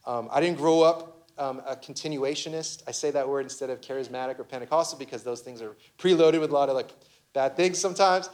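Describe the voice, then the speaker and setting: A man's voice: mid-range voice, brisk, a little mellow. A young man, a pastor, giving a conversational sermon full of personal stories, with many restarts and fillers.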